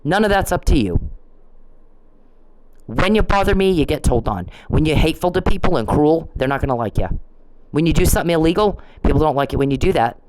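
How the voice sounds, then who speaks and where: A woman vlogger with a low, darkish, expressive voice talks a little fast in an angry rant aimed at the camera. She curses and scolds, stumbling, repeating and restarting as she heats up, over a rough recording.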